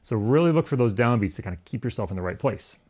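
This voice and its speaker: A man at a middle pitch teaches a music lesson in a relaxed, conversational way. He explains each step plainly and sometimes sings out rhythms on syllables. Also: quick pace, breathy edge. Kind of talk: instructional lesson.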